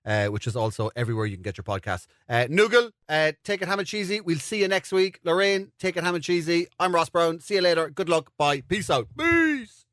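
An Irish man hosts a comedy podcast in upbeat, joking chat with casual swearing. His voice sits a little high for a man, and the sound is dry and close. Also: quick pace, few pauses, fairly bright tone, dry recording. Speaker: podcast host.

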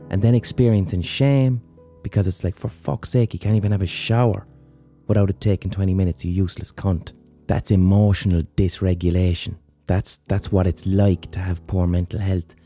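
A man's voice: sits low, dark tone. A man hosting a podcast, telling a frank, sweary personal story in a casual monologue. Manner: frank and sweary, chatty asides. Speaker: podcast host.

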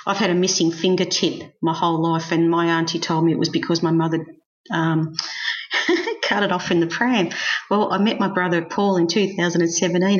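Frank, laughing woman. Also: on the low side. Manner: frank, self-mocking, laughs often. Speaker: guest. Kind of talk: personal storytelling interview. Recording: slightly dull lo-fi sound.

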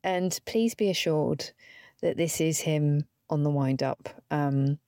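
A woman's voice: sits low, takes it slowly, warm tone, no room sound, studio quality. A woman in her forties with a British accent telling a wry, chatty story on her own podcast, swearing now and then and acting out the dialogue. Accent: British English. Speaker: podcast host. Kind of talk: casual solo podcast storytelling.

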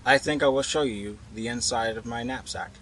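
A man's voice: mid-range voice, normal speed, fairly bright tone, a little hiss or hum, lightly acted, low-quality recording. A man voicing a grave, mocking grown wanderer in a storybook reading, with a dry, sardonic delivery.

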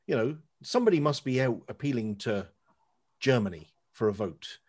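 A man's voice: mid-range voice, sing-song, normal speed, darkish tone. An Irish man co-hosting a podcast, joking and opinionated in casual chat. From Ireland. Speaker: podcast co-host.

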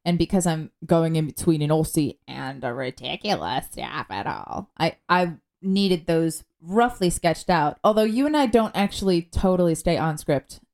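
A woman co-hosting a podcast in casual chat, animated and slipping into playful voices when she quotes herself. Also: low-pitched, normal speed, hardly any pauses. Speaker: podcast co-host and professional vocalist.

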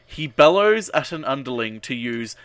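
A man's voice: medium pitch, animated, moderate pace, a bit bright. A man co-hosting a podcast, chatting casually with lots of "um"s and the odd swear. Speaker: podcast co-host. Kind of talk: casual recap chat.

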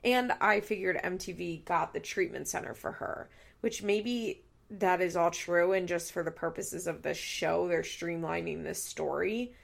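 A woman's voice: lowish voice, measured pace, creaky. A woman in her thirties hosting a recap podcast, talking candidly and tearfully, blunt and profane, rambling and correcting herself as she goes. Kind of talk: candid casual chat.

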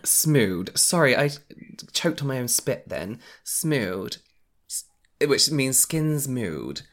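Male podcast co-host, mid pitch, animated and eager, casual with mild swearing. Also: slow pace. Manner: enthusiastic, rattles off lists, casual swearing. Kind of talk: casual chat.

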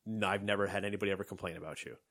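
Deep-voiced man on a chatty podcast. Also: rapid-fire. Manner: animated storyteller, acts out quotes, laughs often. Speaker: podcast co-host. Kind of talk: casual podcast chat.

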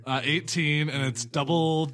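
A man's voice: on the high side, fairly even intonation, a little slow, a bit bright. A man playing in a tabletop game, adding up dice aloud with lots of hesitant fillers. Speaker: player. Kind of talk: casual tabletop game chat.

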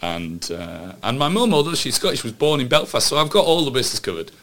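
A man's voice: mid-range voice, sing-song, brisk, fairly bright tone. A man from England, co-hosting a casual, jokey political chat podcast. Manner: chatty, jokey, laughs often. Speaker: podcast co-host.

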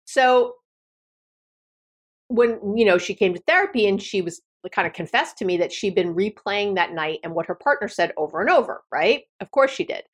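A middle-aged woman therapist hosting a solo podcast, talking in a chatty, animated way with playful asides. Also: mid-range voice, moderate pace, slightly rough.

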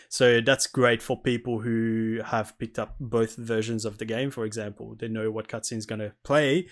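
A man in casual gaming chat, relaxed and rambling, laughing easily. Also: lowish voice, moderate pace, few pauses.

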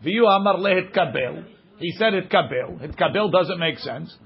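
A man's voice: high-pitched, animated, normal speed, gravelly, lo-fi sound. A man teaching a daily page of Talmud, reading the passage aloud and explaining it line by line.

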